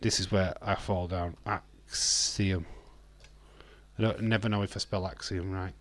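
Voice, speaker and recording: Deep-voiced and a little slow, with fairly even intonation, a man from Yorkshire, England, hosts a live wrestling watch-along. His commentary is casual and chatty, full of easy laughter and reactions to viewers' messages.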